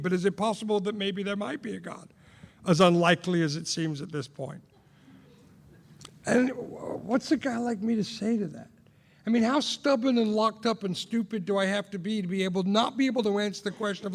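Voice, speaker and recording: A man's voice: high-pitched, fairly quick, creaky, long reverb tail. A man sharing his recovery story as a sponsor, asking rhetorical questions, repeating himself for emphasis and poking fun at himself. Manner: rhetorical questions, self-mocking, emphatic repetition. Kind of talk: recovery talk, personal sharing.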